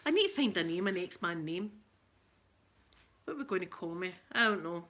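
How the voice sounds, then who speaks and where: Scottish lady chatting away to her viewers, bright ringing voice, goes soft and cooey with her pet. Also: fairly low pitch, animated, normal speed. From Scotland. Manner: chatty, coos softly in baby talk to her pet. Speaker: ASMR channel host. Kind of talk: casual chat to viewers.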